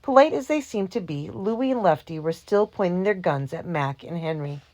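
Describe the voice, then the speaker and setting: A woman narrating a children's storybook in a steady, even reading voice. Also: lowish voice, moderate pace, lo-fi sound. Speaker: audiobook reader.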